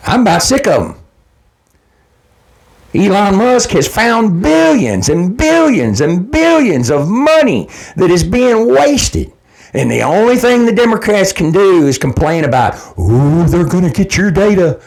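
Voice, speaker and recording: A man on a fired-up political rant, his fairly high voice leaping up and dropping low as he presses each point. He talks bluntly, swears freely and hammers the same lines again and again for emphasis. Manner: heated, blunt and profane, repeating points for emphasis. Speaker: political commentator. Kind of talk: direct-to-camera political rant.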